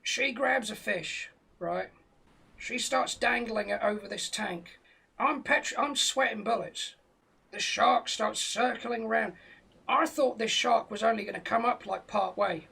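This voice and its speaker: Gravelly, sweary British man spinning a yarn. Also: sits high, unhurried, pushed and bright. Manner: profane, rambling tall tale told straight. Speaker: comedian telling a story. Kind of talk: comic storytelling on a live stream.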